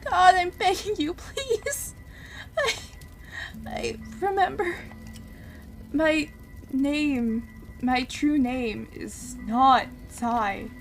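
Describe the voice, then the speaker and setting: A woman's voice: sits high, extremely slow, long pauses, soft background music, voice pushed up, full character voice. A woman voicing a desperate young woman burning in a game, pleading and screaming with a breaking voice. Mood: anguished.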